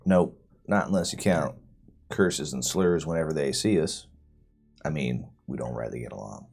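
A man's voice: extremely low pitch, normal speed, vocal fry, a little mellow, husky, soft background music, heavily acted. A man voicing a wary, blunt country swamp-dweller who talks with a rustic drawl and country words. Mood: stern, folksy.

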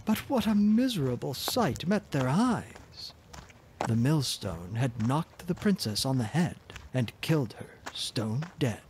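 A man narrating a fairy tale in a soft, gentle, expressive reading voice. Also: mid-range voice, slight background noise. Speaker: storyteller.

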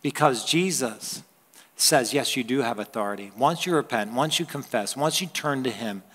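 A man's voice: mid-range voice, lively intonation, moderate pace, a bit bright. A male pastor preaching a conversational sermon, telling stories and laughing with the congregation. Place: church hall. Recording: long church hall reverb.

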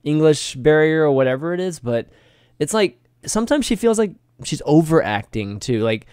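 A man's voice: on the high side, animated, normal speed, a little mellow, clean tone, dry recording, studio quality. A man co-hosting a TV podcast in casual chat, hesitant and restarting often. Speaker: podcast co-host.

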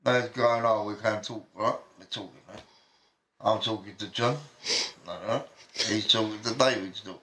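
A man's voice: lowish voice, moderate pace. A man telling a rowdy anecdote, swearing freely and acting out what everyone said. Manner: profane, animated, acts out quoted voices. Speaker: storyteller. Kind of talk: casual anecdote.

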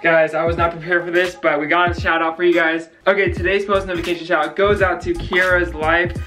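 A young man with the hiccups talks in a flustered, casual way. He keeps stammering "wait" and circling back on himself, all in a relaxed couple's-vlog style. Faint music plays behind him. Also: fairly high pitch, fast talker. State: has the hiccups. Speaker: co-host of a couple's channel.

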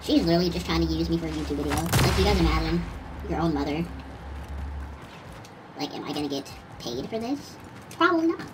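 A woman's voice: sits low, fairly quick, pauses often, noisy background, close to an everyday voice. A woman voicing a grumpy, foul-mouthed pit bull puppy playing a shooter game, whining and complaining as she plays. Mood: grumbling. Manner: whiny, cursing, complaining. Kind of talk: gaming commentary in character. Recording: distant voice under loud gunfire.

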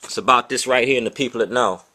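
A man's voice: mid-range voice, fast, pushed and bright, slight background noise. A man, speaking insistently to camera as he shows documents and addresses officials with his grievances. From Baltimore, USA. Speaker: self-made video diarist.

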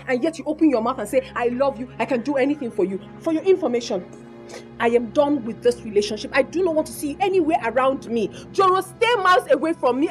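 A woman's voice: high-pitched, a little mellow. A Nigerian actress playing a haughty young woman who coldly lectures and dismisses her boyfriend. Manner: cold, scornful, lecturing. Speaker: actor. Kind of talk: film acting.

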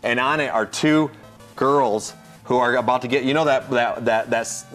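Man, show host, excitable casual storyteller, faint music behind. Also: medium pitch, moderate pace. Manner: excitable, acts out others' voices in his stories.

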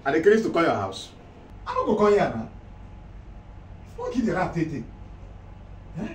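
Man as a pleading broke beggar, Nigerian accent, stammering, lively pitch, roomy far-mic sound, faint noise. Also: normal speed. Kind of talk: comedy skit acting. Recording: echoey room, far-off mic, background noise.

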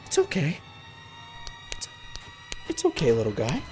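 Animated man role-playing a goofy dad. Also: fairly high pitch, a little slow, soft background music. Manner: animated, jumping between coaxing and panicked outbursts. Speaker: VR game streamer. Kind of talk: improvised comedic role-play as a dad.

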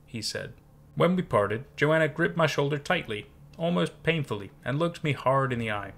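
A man narrating a scary story in a measured, hushed way. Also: on the high side, expressive, gravelly. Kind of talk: scripted horror story narration.

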